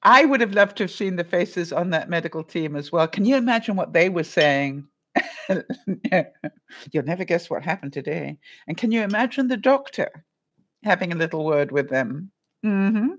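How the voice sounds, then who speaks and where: Laughing woman live-streaming with lively pitch. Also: moderate pace. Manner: laughs often while telling a story; acts out other people's lines. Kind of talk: casual live-stream chat.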